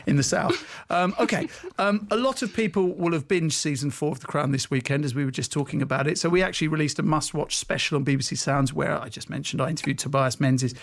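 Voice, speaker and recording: A man hosting a radio show, chatting casually with co-hosts and reading out listener messages with animated, mock-indignant banter. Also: on the high side, gravelly.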